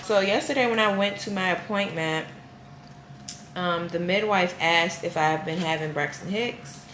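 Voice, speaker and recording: A woman talks to her camera in a loose, chatty vlog style, recounting her day with amused exasperation. Her voice sits on the lower side. The room around her is roomy and echoey, with a faint hiss of noise beneath. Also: measured pace, fairly bright tone. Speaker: vlogger.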